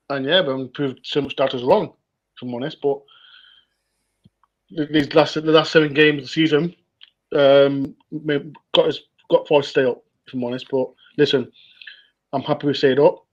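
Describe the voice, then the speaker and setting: A man's voice: medium pitch, steady tone, normal speed, long pauses. A man guesting on a football chat, talking casually and rambling with lots of hesitations. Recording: dull lo-fi call audio.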